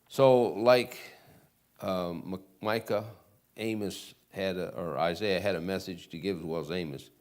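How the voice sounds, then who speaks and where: A man from Michigan with a Michigan American accent, teaching Sunday school in a church classroom, reading scripture verses slowly and loudly between casual asides. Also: low-pitched. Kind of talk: Bible lesson reading scripture aloud.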